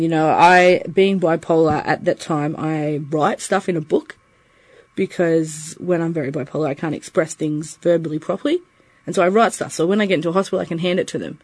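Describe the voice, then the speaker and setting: A young man with an Australian accent tells his own story in a frank, unfiltered way, slipping into the voices of the people he quotes. His voice sits high for a man, and the recording is close and dry with no room sound. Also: darkish tone, dry recording. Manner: candid, swearing, acts out quoted voices. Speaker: peer interviewee. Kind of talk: personal storytelling.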